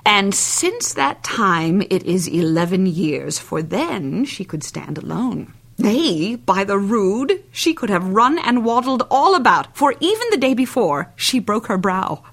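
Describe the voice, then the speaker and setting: A woman's voice: mid-range voice, sing-song, a little slow, gravelly, fairly bright tone, heavily acted. An actress playing a chattering, bawdy old female nurse who rambles on and laughs at her own jokes in a Shakespeare reading. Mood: rambling. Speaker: actor.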